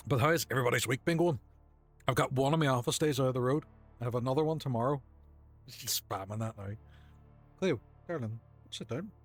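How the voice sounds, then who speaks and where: A man's mid-range voice moves a little fast as he plays a game on stream from home. He keeps the chat casual, cracking jokes at his own expense over faint game music.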